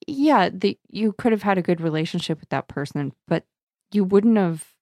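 A woman co-hosting a casual book discussion, animated and laughing often as she retells scenes. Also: medium pitch, moderate pace, no echo, studio quality. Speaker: book podcast co-host. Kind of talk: casual chat.

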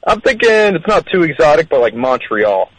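A man's voice: a little high, sing-song, normal speed, fairly bright tone, no room sound, poor audio. A man calling in to a radio show, chatting casually and hesitantly with lots of fillers. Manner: laid-back, hesitant with fillers. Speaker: caller. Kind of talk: casual phone-in chat.

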